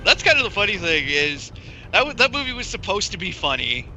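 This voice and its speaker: A man's voice: sits high, big pitch swings, a little fast, sharp tone, slight background noise, poor audio. A man co-hosting a casual gaming stream, chatty and amused as he talks about comedy. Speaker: co-host. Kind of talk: casual gaming commentary chat.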